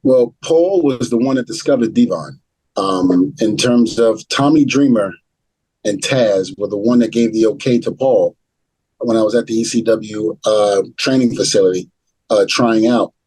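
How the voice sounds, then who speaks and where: Man, middle-aged, husky voice, dry close sound, lively storyteller acting out quotes. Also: lowish voice, normal speed, dry recording, poor audio. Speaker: retired pro wrestler, guest. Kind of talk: storytelling interview answer.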